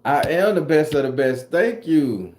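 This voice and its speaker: Here the tarot reader and channel host sounds on the high side, very animated and a little slow, with a darkish tone. This southern Florida man with a Southern US accent responds to livestream chat in loose, profane slang. His room has an echo.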